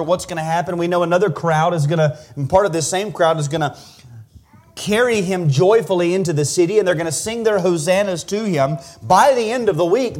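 A man preaching an expository sermon as pastor, earnest and teaching verse by verse, often repeating a word as he restarts. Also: high-pitched.

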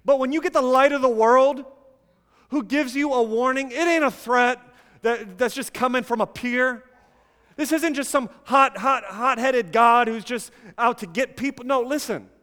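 A man preaching a sermon, emphatic at times and dropping to quiet intensity. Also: very high-pitched, moderate pace, clean tone, long reverb tail.

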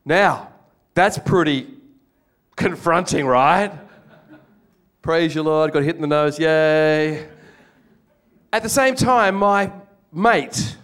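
This older man, whose accent is Australian, preaches slowly and pauses often, his fairly high voice clear and resonant. His sermon is full of animated, funny stories in which he acts out what people said.

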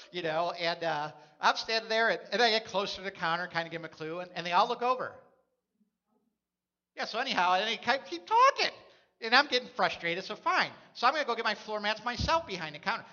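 A man's voice: high voice, sharp tone, highs cut off. A man preaching a sermon as a pastor, telling stories in a conversational way.

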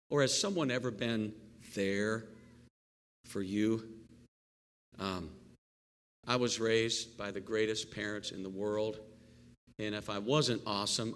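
A male pastor giving a live sermon, animated and playful, with jokey asides and call-and-response with the congregation. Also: on the low side. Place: church sanctuary. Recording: long reverb of a church hall.

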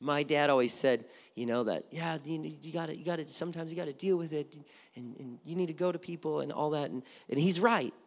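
A man's voice: fairly high pitch, brisk. A middle-aged man preaching a sermon as pastor, conversational and often repeating words as he starts a thought. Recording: long reverb of a hall.

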